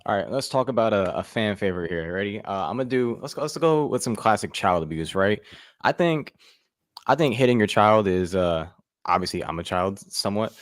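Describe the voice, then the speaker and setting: A young man works through a stand-up set in a loose, rambling way, full of fillers. His voice sits a little low, and the recording is dry and close. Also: lively intonation, a little fast, no echo. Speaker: comedian contestant. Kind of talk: stand-up routine.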